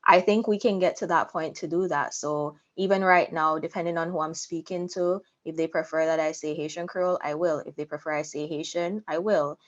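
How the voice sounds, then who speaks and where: A woman's voice: deep voice, fairly even intonation, brisk, hardly any pauses, lo-fi sound. A woman talking thoughtfully and conciliatorily in an interview. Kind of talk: interview talk.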